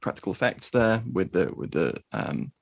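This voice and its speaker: A man co-hosting a film podcast, talking through a war film in a measured, thoughtful way. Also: sits low, expressive, vocal fry, no echo. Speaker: podcast co-host. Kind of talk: casual film discussion.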